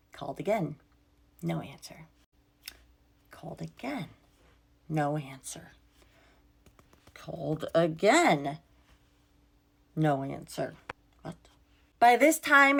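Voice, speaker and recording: A woman's voice: mid-range voice, animated, takes it slowly, creaky, pauses often, fairly bright tone. A young woman telling a storytime vlog in a casual, exasperated way, swearing freely and acting out what everyone said. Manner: exasperated, swears freely, quotes herself and others.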